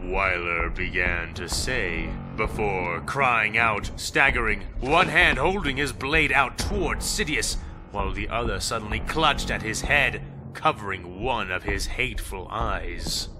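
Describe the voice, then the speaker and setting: A man reads a fan fiction story in a deep voice, unhurried and measured. The narration is dramatic and scripted, with music running steadily underneath. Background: background music.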